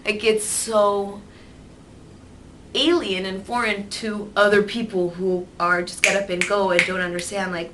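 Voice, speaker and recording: A woman vlogging candidly, rambling and swearing freely, turning lively when she mimics others. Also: medium pitch, a little slow, heavy background noise. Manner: animated, mimics voices in quotes. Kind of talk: candid personal vlog.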